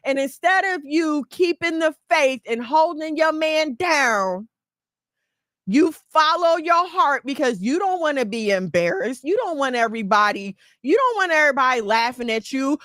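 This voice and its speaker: Woman host, preachy and emphatic, high voice, dry close sound. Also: a little slow, no echo. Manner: emphatic and preachy, lively storytelling. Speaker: podcast host. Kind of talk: casual advice talk.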